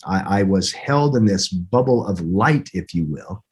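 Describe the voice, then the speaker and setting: A middle-aged man with a husky voice, recounting a personal story as a podcast guest in an earnest, halting way with many restarts. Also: deep voice, expressive.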